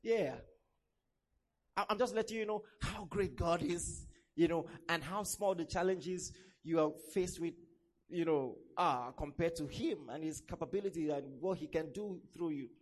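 A man's voice: fairly high pitch, moderate pace. A young man preaching a sermon, telling stories and acting out the voices of the people in them. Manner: animated storytelling, acts out quoted voices.

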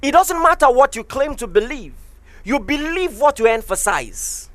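A pastor delivers an emphatic sermon, swinging the voice high and low with great liveliness. Key phrases come back again and again for stress. The sound is close and dry, with no room around it. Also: big pitch swings, normal speed, a bit bright, no echo.

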